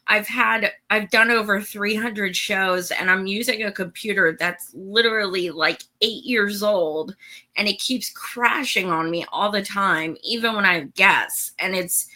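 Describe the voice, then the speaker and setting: A woman's voice: mid-range voice, sharp tone. A woman hosting a political livestream show, chatting casually, venting and swearing freely as she talks to her viewers.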